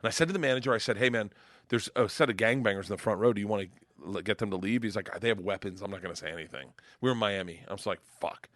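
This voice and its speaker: A middle-aged male comedian telling wild road stories in casual chat, profane and rowdy, loudly acting out the people in them. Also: on the low side, racing, dry recording. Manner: profane, rowdy storyteller who acts out voices loudly. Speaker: comedian guest.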